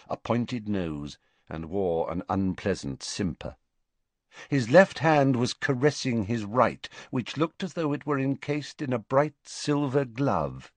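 A male narrator reads a story in a lowish voice, taking his time with each phrase. His delivery rises and falls a lot. The sound is dry and close. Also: no room sound. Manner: expressive, measured storytelling. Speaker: audiobook narrator.

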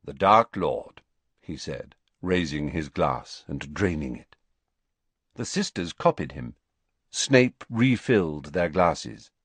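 Slow, expressive male storybook narrator. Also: very deep voice, breathy edge, no echo. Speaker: audiobook narrator.

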